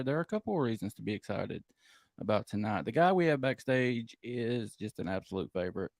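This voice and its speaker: A man's voice: fairly low pitch, no room sound. A man hosting a live paranormal podcast, joking and bantering with his co-hosts. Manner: animated, joking host banter. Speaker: podcast host.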